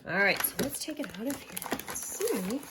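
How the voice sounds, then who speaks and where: Woman, daycare teacher; lively, swooping pitch, exaggerated sing-song delivery for toddlers. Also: heavy background noise. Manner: slow, sing-song, exaggerated for small children; drops to soft whispers for surprise. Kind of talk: preschool lesson to camera.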